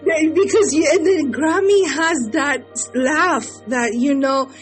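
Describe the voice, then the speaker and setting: A woman interviewing guests, speaking warmly with giggles and pausing to search for words. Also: sits high, faint music behind. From Mexico. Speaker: interview host. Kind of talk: casual interview chat.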